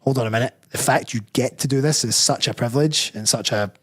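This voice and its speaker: This Scottish guest, a bodybuilder and personal trainer, has a mid-range voice that's a bit bright and husky, and he talks quickly. In the casual interview he's frank, rambles, and self-corrects by restarting sentences.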